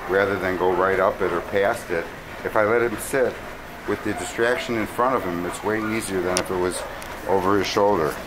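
A man training a dog while filming, giving short calm commands and explaining his method. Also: sits low, a little fast. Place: indoors at a kennel facility. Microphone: handheld camera mic. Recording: loud background noise, dogs barking.

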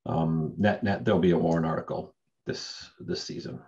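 A man giving a brief, halting update at a town committee meeting. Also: low voice, fairly even intonation, dark tone. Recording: dull lo-fi meeting audio.

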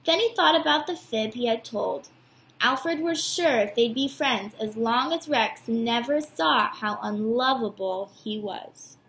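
A woman teacher reading a picture book aloud to her students, warm and animated. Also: a little high, measured pace, slight background noise. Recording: echoey room.

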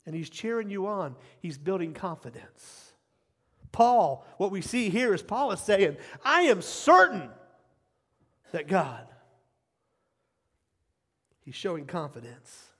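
A man's voice: high voice, very animated, slow pace, long pauses. Emphatic middle-aged male pastor, echoing hall. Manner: emphatic, repeats key phrases, swings from quiet asides to loud cheering. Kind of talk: sermon. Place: church sanctuary. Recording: long hall reverb.

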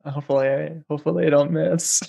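A man playing in a tabletop game, talking in a slow, playful way. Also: fairly high pitch, fairly even intonation, gravelly, mellow. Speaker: player. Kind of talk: casual tabletop play.

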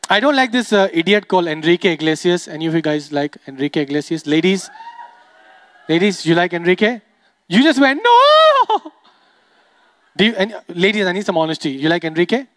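A young man with an Indian accent doing stand-up comedy, animated and teasing the audience. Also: high voice, fairly quick. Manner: animated, teases the audience, switches into voices.

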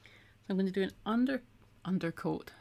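A woman's voice: medium pitch, brisk, vocal fry, dark tone. A middle-aged woman, chatting casually while she teaches a craft on a live stream and reads out viewer comments.

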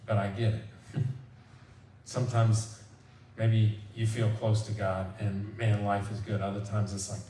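A man preaching a conversational sermon as pastor, animated and acting out the people he quotes. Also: lowish voice, unhurried, slight background noise. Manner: animated, acts out quoted voices. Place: church sanctuary. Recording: echoey church hall from far off.

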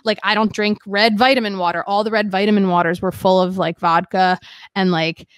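A woman's voice: medium pitch, fairly even intonation, a little fast, smooth, dry recording. A young woman, a podcast guest, telling her story in a rambling, candid way, full of "like" and restarts. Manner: rambling, heavy use of "like", frequent restarts.

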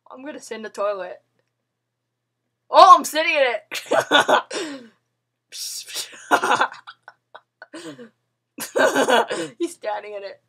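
A woman's voice: high voice, creaky, fairly bright tone. A young woman giving playful let's-play commentary, giggling often and bossing other players around. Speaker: gamer.

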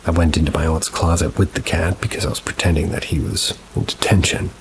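Low voiced guy reading spooky stories, steady and somber, rain pattering behind him. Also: a little fast, creaky, a little hiss or hum, low-quality recording. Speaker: story narrator. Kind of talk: reading paranormal stories aloud. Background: rain ambience.

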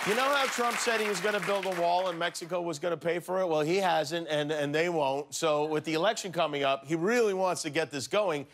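Male talk-show host, sarcastic monologue, pitched high, faint studio audience. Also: background noise. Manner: sarcastic joke delivery. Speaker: late-night host. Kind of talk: comedic monologue.

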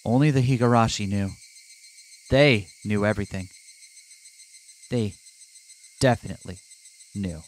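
A man's voice: fairly low pitch, a little slow, long pauses, a little hiss or hum. Man reading a horror visual novel aloud. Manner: dramatic reading mixed with joking asides. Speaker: let's play host.

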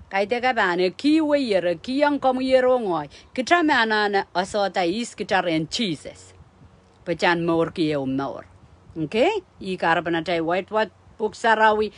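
Emphatic woman preaching a sermon. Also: mid-range voice. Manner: emphatic preaching, often checking in with listeners.

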